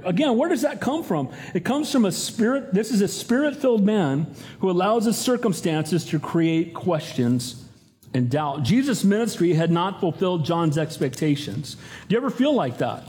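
A man's voice: a little high, animated, moderate pace, dark tone. A pastor in his fifties or older preaching a sermon, earnest and emphatic, rising to urgent appeals.

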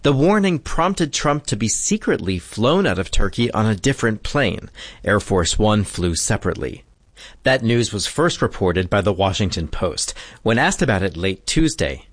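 A male foreign correspondent reading a scripted news report in a steady delivery. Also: lowish voice, normal speed, no room sound, studio quality.

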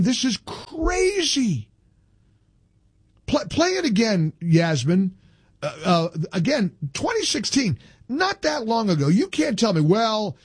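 Male talk radio host, emphatic, repeats himself, husky timbre, close and dry. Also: high-pitched, no room sound.

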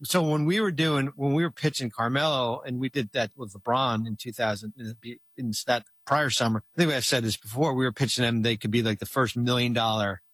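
A man's voice: medium pitch, steady tone, fairly quick, few pauses, a bit bright, no echo. A middle-aged man telling a long story in casual chat as a guest, rambling with many restarts and fillers.

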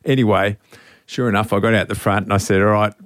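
Brief: Aussie radio host, middle-aged man, sentimental, rambly storyteller, low-pitched, dry close mic. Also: fairly even intonation, a bit bright, dry recording. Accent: Australian. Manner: rambling, halting, with many restarts. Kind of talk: casual storytelling on air.

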